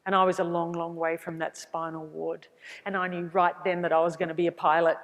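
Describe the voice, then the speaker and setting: A woman's voice: lowish voice, a little fast. A middle-aged woman with an Australian accent gives an inspirational keynote, telling her story with acted-out dialogue. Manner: animated storyteller acting out dialogue with laughs. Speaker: keynote speaker. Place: large hall. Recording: hall with long reverb.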